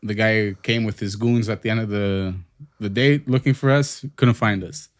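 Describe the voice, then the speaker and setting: A man on a podcast telling a high school story in casual, profane chat. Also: steady tone, moderate pace. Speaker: podcast host.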